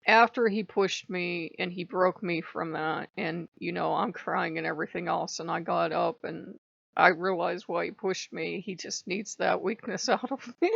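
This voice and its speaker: A woman's voice: lowish voice, fairly even intonation, normal speed, creaky, fairly bright tone, dry recording. An American woman vlogging a candid personal monologue, blunt and profane, often laughing. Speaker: spiritual vlogger. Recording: dull lo-fi dry sound.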